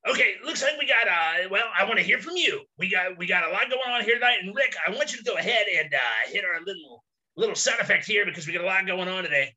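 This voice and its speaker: A bright, sharp-sounding man with a high, lively voice hosts a mock sports betting show. His delivery is crude and hyped like a parody announcer, and he laughs between lines. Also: quick pace, lo-fi sound. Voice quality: bright, animated, over-the-top hype.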